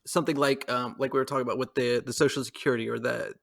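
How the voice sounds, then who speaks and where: A man's voice: mid-range voice, fairly even intonation, racing, vocal fry. A man co-hosting a podcast, talking through his views in a rambling, hesitant way with frequent fillers and laughs. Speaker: podcast co-host. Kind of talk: casual political discussion.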